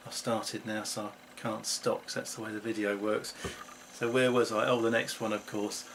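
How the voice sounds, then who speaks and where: A man's voice: fairly low pitch, flat delivery, moderate pace, fairly bright tone, a little hiss or hum. A middle-aged man, chatting to camera at home in a rambling, self-mocking way. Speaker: vlogger. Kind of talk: casual chat to camera.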